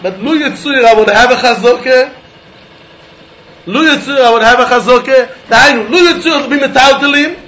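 A man with a strikingly high voice leads a lively Talmud lesson, firing questions at his listeners and then answering them. He sounds like he is in an echoey room, with a faint hum of noise behind him. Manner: animated, questioning, mixing Yiddish and Hebrew terms. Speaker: Talmud teacher.

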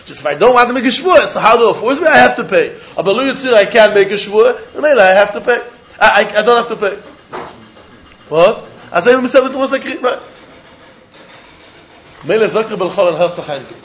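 A man leads a Talmud lesson, his voice pitched unusually high. He argues in a lively, sing-song study cadence and often laughs through his points. A faint hiss of noise sits under the recording. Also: a little fast, highs cut off. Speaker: Talmud teacher.

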